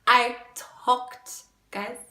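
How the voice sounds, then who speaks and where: Young woman podcaster telling a story, bright voice, loud outbursts, swears a lot, echoey room. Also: on the high side, drawn-out words. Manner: animated, swings between quiet and loud exclaiming; swears freely. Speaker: podcast host. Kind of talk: casual storytelling.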